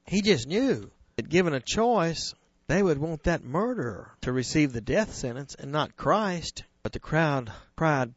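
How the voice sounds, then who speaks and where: An earnest man preaching, stressing key phrases and drawing them out slowly. His voice sits a little high. The recording is dry and close, with a dull, lo-fi tone. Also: no room sound. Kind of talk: sermon retelling scripture.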